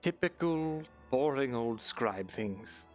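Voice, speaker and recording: A man's voice: medium pitch, animated, slow pace, soft background music. A man voicing a cautious, rule-bound male scribe in a live fantasy roleplay, speaking with lots of hesitant fillers and dry understatement. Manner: hesitant, many ums and uhs, dry understatement. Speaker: roleplay player.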